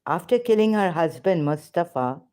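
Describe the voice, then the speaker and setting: A woman's voice: lowish voice, lively intonation, moderate pace, warm tone, clean tone. A woman arguing heatedly on a call, confrontational and accusatory. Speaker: ex-Muslim debater on a call. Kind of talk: heated argument.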